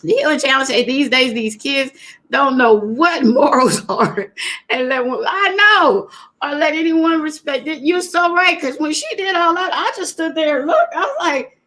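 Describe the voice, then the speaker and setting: A woman hosting a casual livestream talk, greeting viewers by name and retelling a story with lively asides. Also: sits high, measured pace. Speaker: host.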